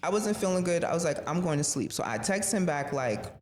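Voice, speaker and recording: A woman's voice: on the low side, brisk. A woman guest on a podcast telling a personal story in a casual, slangy and profane way, acting out the voices of the people in it. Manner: animated, acts out quoted voices, slangy and profane. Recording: reverberant room with faint noise.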